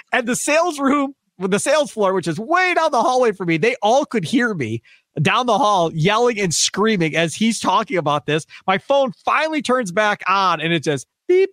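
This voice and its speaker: Lively high-voiced sports radio man. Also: brisk, no echo, studio quality. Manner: animated, acts out quotes with big pitch jumps. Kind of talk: excited sports podcast chat. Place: office at a radio station.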